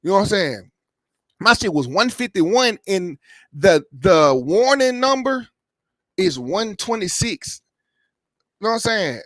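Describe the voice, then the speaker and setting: A man in his late thirties talks through a personal ordeal in loose, cursing, rambling sentences, often asking whether you follow him. His voice sits high for a man. The sound is dry and close, with no room echo. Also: very animated, a little slow, pauses often, fairly bright tone. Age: 30s. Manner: rambling, profane storytelling, keeps asking "you know what I'm saying". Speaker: YouTube reaction channel host. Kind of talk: casual personal health update.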